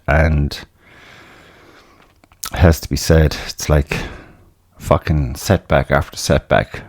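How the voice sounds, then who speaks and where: A man's voice: low-pitched, darkish tone, no room sound, clean studio sound. An Irish man hosting a podcast in a casual, rambling monologue, swearing a lot and laughing at himself. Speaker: podcast host.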